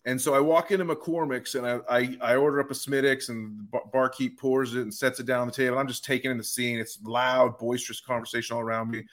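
Bright-voiced man telling animated stories. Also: medium pitch, fast, few pauses. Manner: animated storyteller, does voices of people he met. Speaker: podcast co-host. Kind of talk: casual sports podcast chat.

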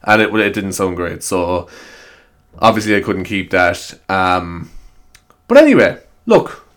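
Using a new mic, a man with an Irish accent rambles through his solo podcast in a low, slightly bright voice with big swings in pitch and a measured pace. The chat is casual and self-deprecating, and he swears often.

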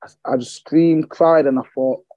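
A man's voice: a little high, steady tone, measured pace, no echo. Candid, swearing man with dull sound. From England. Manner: candid, swears freely, repeats phrases for emphasis. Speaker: guest, fitness coach. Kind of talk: emotional podcast storytelling.

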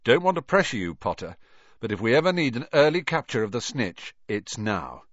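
A man's voice: medium pitch, sing-song, a little fast, fairly bright tone, no echo. Man voicing a pressing schoolboy team captain, urgent, dry dull recording. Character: intense older schoolboy team captain, pushy.

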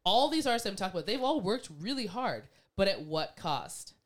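A woman talking in a casual chat, animated, acting out quoted voices and laughing often. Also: mid-range voice, a little fast.

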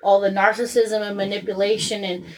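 A woman's voice: medium pitch, little pitch movement, fairly quick, darkish tone, a little hiss or hum. A woman in her thirties chatting openly and casually. Her talk wanders through restarts and frequent swearing, with a plain everyday voice. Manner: candid, rambling, frequent swearing. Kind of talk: casual chat.

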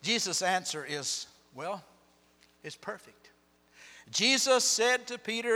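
A man preaching a sermon as pastor, telling Bible stories with sharp swings between loud and soft. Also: high voice, expressive, slow, pauses often, long reverb tail. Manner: storytelling, dramatic shifts in loudness. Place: church sanctuary.

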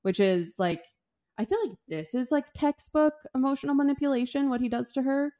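A woman's voice: high voice, brisk, warm tone. A young woman co-hosting a podcast, talking frankly and opinionated about a book, with casual swearing. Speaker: podcast co-host. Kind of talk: casual book-club chat.

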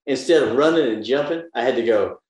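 An older man from the American South, a guest actor, telling animated stories in a casual interview and acting out the lines he quotes. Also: medium pitch, fast, roomy sound, noisy background. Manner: animated storyteller, acts out quotes in lively voices.

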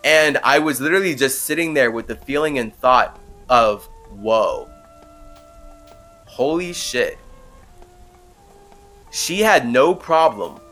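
A man's voice: mid-range voice, fairly bright tone. A man hosting a podcast, telling a story in a rambling, casual way full of "like" fillers. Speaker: podcast host.

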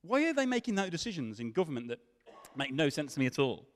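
A man preaching a sermon, swinging from loud questions to hushed tones. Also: a little high, sing-song, fast. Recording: long hall reverb.

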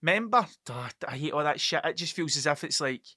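A man's voice: fairly high pitch, expressive, a little fast, bright, forceful tone, no echo, studio quality. A man hosting a podcast, rambling through a casual monologue, swearing freely and stumbling over his words. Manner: rambling, sweary, stuttering storyteller. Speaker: podcast host.

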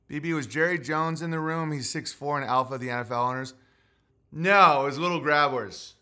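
A man's voice: on the high side, brisk, pushed and bright. A man hosting a podcast, riffing through rambling, profane comedic commentary. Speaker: podcast host.

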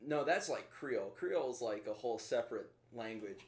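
A man's voice: mid-range voice, animated, moderate pace. A man chatting bluntly as a podcast co-host, swearing freely and laughing often. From Kentucky. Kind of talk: casual chat. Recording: echoey room.

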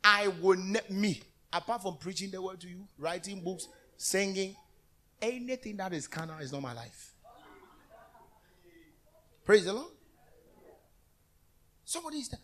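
A man preaching a lively call-and-response sermon in a church. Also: high-pitched, normal speed, long pauses. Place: church hall.

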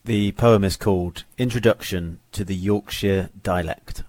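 Low-voiced podcast host, dry sound. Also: male voice, a little slow, no room sound. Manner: relaxed, chatty, with fillers. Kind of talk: casual podcast introduction.

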